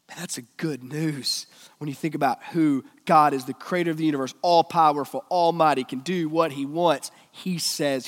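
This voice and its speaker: A male preacher giving a sermon, swinging between loud emphatic lines and hushed, almost whispered ones. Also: on the high side, fairly even intonation, normal speed, long reverb tail.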